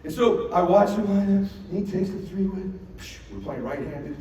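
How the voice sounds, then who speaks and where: A middle-aged man giving a motivational keynote on stage, telling a story in an animated, profane way and acting out the dialogue. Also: high-pitched, moderate pace, highs cut off. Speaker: keynote speaker. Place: large event hall on stage. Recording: echoey hall from far off with noise.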